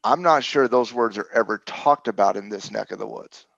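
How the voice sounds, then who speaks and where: A man co-hosting a trading show as a coach, talking casually about charts in a joking, halting way with many restarts. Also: on the low side, creaky, fairly bright tone, no echo, lo-fi sound. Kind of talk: casual market chat.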